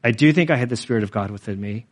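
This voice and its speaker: A man's voice: lowish voice, rapid-fire. A man in his forties, a pastor telling his own story in a sermon, earnest and rambling, with many fillers. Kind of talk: sermon testimony.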